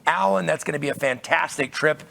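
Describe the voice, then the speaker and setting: Excited guy emceeing a convention, gravelly edge, voice sits a bit high. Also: fairly quick. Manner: upbeat, repeats words, restarts. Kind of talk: enthusiastic stage talk. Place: convention stage.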